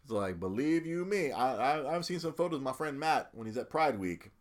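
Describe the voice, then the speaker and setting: Casting note: a man co-hosting a loose chat, lively pitch, halting with restarts. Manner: halting, many restarts and fillers. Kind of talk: casual chat.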